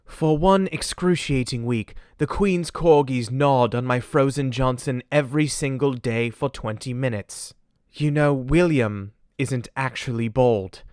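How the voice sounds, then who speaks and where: Clueless young royal narrating his memoir , a man putting it on, put-on English accent, solemn and deadpan, smooth voice, dry studio sound. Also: mid-range voice, measured pace, no room sound, natural voice. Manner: solemn, deadpan delivery of absurd confessions. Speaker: comedian. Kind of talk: parody audiobook narration.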